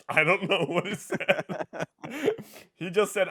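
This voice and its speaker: A young man with a Norwegian accent, hosting a podcast and telling an animated story, swearing and laughing often as he acts out what people said. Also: high-pitched, normal speed. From Norway. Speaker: podcast host. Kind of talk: casual chat, storytelling.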